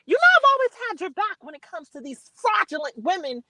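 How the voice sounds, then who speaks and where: Brief: squeaky, bright campy lady caller, sassy gossip, put on by a man. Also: big pitch swings, fairly quick, no room sound, full character voice. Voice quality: squeaky, Minnie Mouse-like. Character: high-voiced campy woman caller. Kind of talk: call-in chat.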